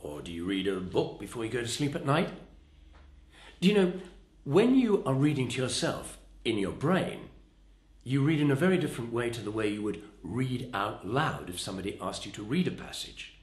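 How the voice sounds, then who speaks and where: A man teaching how to stress the right words, with an expressive, demonstrative delivery. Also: mid-range voice, moderate pace, roomy sound. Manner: expressive, demonstrative, shifts stress to show emphasis. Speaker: voice and speaking coach. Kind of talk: instructional talk.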